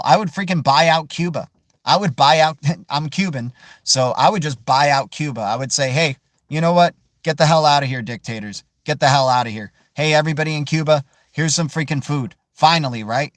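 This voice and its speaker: A man hosting a casual crypto livestream, answering viewer questions in an animated, emphatic way and tossing in "dude" and "man". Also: mid-range voice, dry recording. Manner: animated, peppers speech with "right?", "dude" and "man"; emphatic, swears mildly for emphasis.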